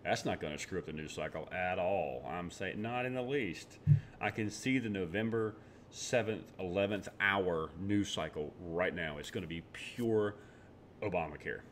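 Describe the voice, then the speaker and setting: A man with a lowish voice rants sarcastically through casual political commentary. He often stumbles and restarts his words, and a faint low rumble sits underneath. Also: normal speed, fairly bright tone. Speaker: vlogger.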